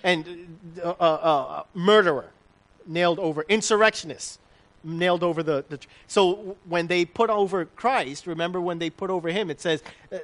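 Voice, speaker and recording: A man's voice: high voice, moderate pace, a bit bright. A man preaching a conversational sermon, putting questions to the congregation and restarting his sentences often. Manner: conversational, asks the audience questions, frequent restarts.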